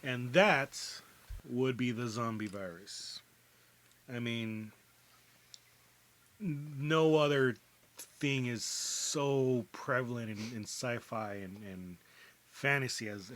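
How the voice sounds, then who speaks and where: A man's voice: medium pitch, takes it slowly, pauses often, fairly bright tone. Guy cohosting a podcast, loose rambly talk, swears a lot, lots of uh and like. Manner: rambling, swears a lot, many fillers and restarts. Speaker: podcast co-host. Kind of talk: casual chat.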